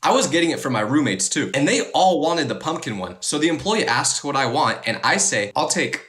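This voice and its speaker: A young man telling comic stories in a lively, exaggerated storytime monologue. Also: a little high, fairly quick. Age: young adult. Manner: animated, exaggerated exclamations. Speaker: storytime creator.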